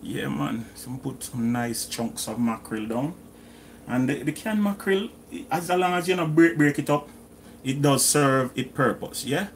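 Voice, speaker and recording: In his kitchen, a middle-aged Jamaican cooking vlogger talks casually through a home cooking video, sometimes slipping into patois. His mid-range voice has lively intonation and a slightly slow pace, with a little background noise.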